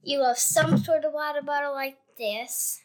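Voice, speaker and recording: A woman's voice: sits high, steady tone, a little slow, background noise. A young girl co-hosting a podcast, chatting in a giggly, blunt and playful way. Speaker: co-host, young daughter. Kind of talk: casual podcast chat.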